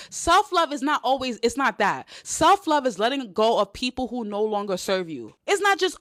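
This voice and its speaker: Brief: young New woman, blunt and animated, swears freely, dry close sound. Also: a little high, moderate pace, few pauses, no room sound. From New York. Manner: blunt, animated, profane, mimics others. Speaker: host. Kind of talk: casual livestream talk.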